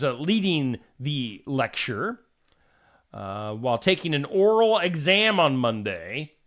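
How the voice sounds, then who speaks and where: Man hosting a live show, reads quirky headlines, wry asides, fairly high voice, animated delivery. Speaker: host. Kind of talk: reading odd news stories with commentary.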